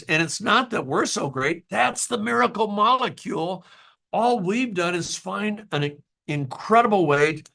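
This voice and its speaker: A man's voice: on the high side, creaky, pushed and bright. Earnest rambling man addressing his team. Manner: earnest, rambling, with fillers and restarts; emotional at times. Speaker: company founder addressing distributors. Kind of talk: casual motivational talk.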